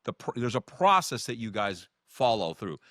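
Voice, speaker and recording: A man hosting an interview, asking questions in a halting way with many fillers. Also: fairly low pitch, very animated, a bit bright, no room sound, studio quality. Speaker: interview host.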